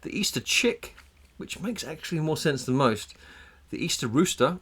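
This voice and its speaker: A man's voice: a little high, lively intonation, normal speed, a bit bright, slightly rough. A man co-hosting a casual podcast, sharing trivia in a chatty way and swearing freely. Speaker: podcast co-host. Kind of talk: casual banter.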